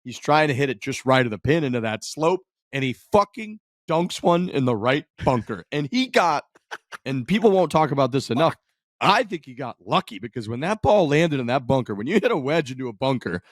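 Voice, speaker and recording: Profane, animated man recapping golf. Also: medium pitch, fairly quick, dry recording, studio quality. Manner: animated, profane play-by-play storytelling. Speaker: podcast co-host. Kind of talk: casual sports chat.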